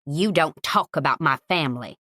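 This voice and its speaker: A woman's voice: low voice, animated, moderate pace, no room sound, clean studio sound, voice pushed down, heavily acted. A woman doing a feisty older lady. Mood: scolding. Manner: sharp, scolding, commanding.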